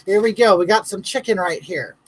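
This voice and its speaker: A woman's voice: medium pitch, a little fast, husky, poor audio. A woman hosting a comedic live stream, chatting in a campy way and greeting viewers by name.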